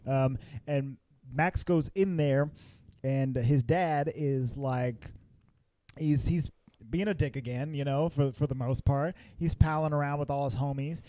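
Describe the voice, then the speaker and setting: A man's voice: measured pace, no room sound. A man co-hosting a podcast, chatting casually about a film and acting out the characters in exaggerated voices. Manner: animated, acts out characters in exaggerated high voices. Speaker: podcast co-host. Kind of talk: casual film review chat.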